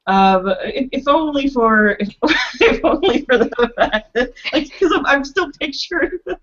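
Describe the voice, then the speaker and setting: A woman's voice: high-pitched, animated, moderate pace, a bit bright, muffled recording. Giggly woman player in casual chat. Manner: giggly, laughs often, stumbling restarts. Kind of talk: casual chat planning a tabletop game.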